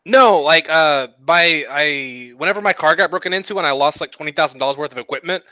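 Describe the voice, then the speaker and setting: A man's voice: a little high, fairly quick, no room sound. Guy stammering thru a story on a podcast, kinda muffled audio. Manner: stammering restarts, animated, swears. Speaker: podcast co-host. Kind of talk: casual storytelling.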